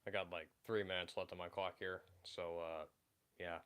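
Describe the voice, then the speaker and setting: A man's voice: low voice, flat delivery, moderate pace, a bit bright, smooth. A young man hosting a livestream, chatting casually with many fillers and restarts as he brainstorms a story with his viewers. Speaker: livestream host.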